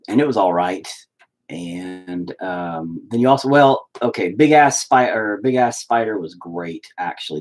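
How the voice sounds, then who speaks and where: A man's voice: on the low side, darkish tone. A man hosting a live stream, chatting casually and rambling, with heavy swearing. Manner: profane, rambling.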